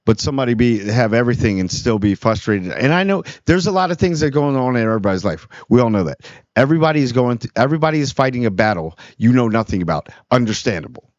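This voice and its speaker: A man's voice: medium pitch, sing-song, fast talker, no echo. A man talking earnestly in a casual monologue about kindness, rambling and restarting his sentences often. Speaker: small YouTube channel host. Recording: dull, dry lo-fi recording.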